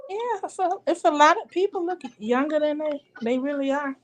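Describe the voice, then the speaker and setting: A woman's voice: high-pitched, animated, moderate pace. A woman in a casual panel chat, recounting things she saw with easy laughter. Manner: chatty, laughs easily.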